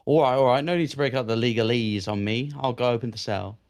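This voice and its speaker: A man's voice: medium pitch, fast, darkish tone, close to an everyday voice. A man voicing a grumpy male jail keeper in a game playthrough, indignant and grumbling. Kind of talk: reading game dialogue aloud.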